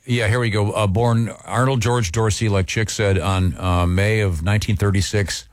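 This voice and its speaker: Male host, low voice, rambling, casual chat, dry close mic. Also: steady tone, normal speed, no room sound. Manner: easygoing, rambling. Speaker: radio show host.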